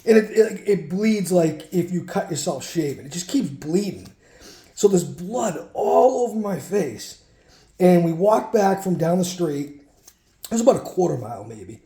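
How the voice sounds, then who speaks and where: A man's voice: high-pitched, very animated, measured pace, mellow, reverberant. A man casually telling a rambling childhood story while sorting through a card collection, breaking off for muttered asides.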